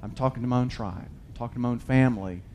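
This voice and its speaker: A man preaches a sermon at a fast pace, reading scripture and paraphrasing it casually. His medium-pitched voice swings between loud, emphatic bursts and hushed asides, with slight background noise.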